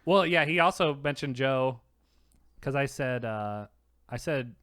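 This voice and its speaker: A man co-hosting a comedy podcast, telling stories in an animated way and acting out the people in them, with frequent laughs. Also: mid-range voice, moderate pace, clear, resonant tone, no room sound, clean studio sound. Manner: animated, acts out quotes, laughs often. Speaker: podcast co-host. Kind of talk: casual comedic storytelling.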